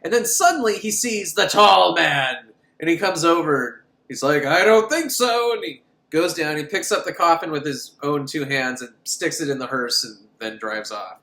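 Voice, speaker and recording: A man's voice: on the high side, normal speed, sharp tone. A man giving a rambling, comic movie recap, laughing often as he goes. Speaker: film reviewer. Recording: roomy room echo.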